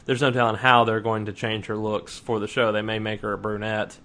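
A man's voice: lowish voice, little pitch movement, brisk, fairly bright tone. A man co-hosts a casual fan podcast, talking loosely and thinking aloud. He rambles and restarts his sentences as he goes. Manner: chatty, rambling with restarts and hedges. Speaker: podcast co-host.

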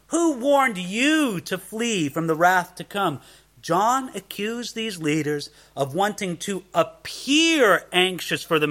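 A man preaching a sermon, animated and conversational, often asking rhetorical questions. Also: a little high. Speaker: pastor.

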